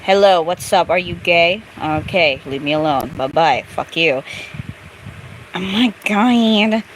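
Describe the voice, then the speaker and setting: A woman's voice: deep voice, fairly even intonation, moderate pace, a little hiss or hum, rough recording. A young woman commenting casually on a game she plays, crude and chatty, talking back at the game. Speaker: gameplay streamer.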